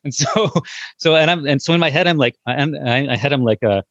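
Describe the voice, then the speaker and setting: A man's voice: on the high side, brisk, a bit bright, dry recording, highs cut off. A man talking casually as a guest about parenting, hesitant, with many fillers and restarts as he tells stories. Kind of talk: casual podcast conversation.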